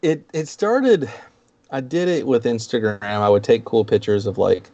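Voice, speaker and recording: A man's voice: mid-range voice, moderate pace, dark tone. A man guesting on a live stream, telling stories in a loose, chatty way and laughing often. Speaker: guest YouTuber. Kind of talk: casual live-stream chat. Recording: dull lo-fi stream audio.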